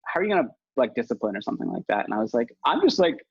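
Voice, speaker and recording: Husky-voiced man rambling with laughs. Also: on the low side, expressive, very fast, no echo. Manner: rambling and self-mocking, with many restarts and laughs. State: new father. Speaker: podcast guest. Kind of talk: casual podcast conversation. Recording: dull, lo-fi dry audio.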